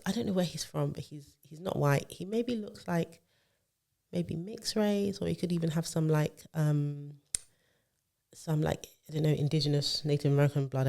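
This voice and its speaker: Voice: mid-range voice, vocal fry, a little mellow. A podcast co-host, telling a long story in casual chat, full of fillers and restarts.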